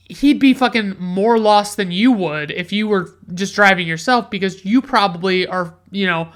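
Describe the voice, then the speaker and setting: A man's voice: sits high, moderate pace, few pauses, a bit bright. A man giving a casual, rambling movie review, full of curse words and "like" and "you know," sounding incredulous and sarcastic. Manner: rambling, profane, heavy use of "like" and "you know".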